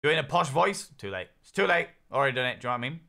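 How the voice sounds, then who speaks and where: Cheeky man, bright voice. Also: medium pitch, expressive, racing, vocal fry. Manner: playful, cheeky, profane banter with chat. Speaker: gaming streamer. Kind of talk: casual live-stream commentary.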